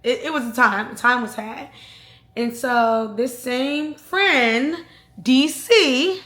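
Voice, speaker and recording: A woman recounts a wild night out for her channel, chatty and full of slang. Her voice sits a little high, and the room around her rings with echo. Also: takes it slowly. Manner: chatty, slangy, animated retelling. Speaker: storytime vlogger. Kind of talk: casual storytelling.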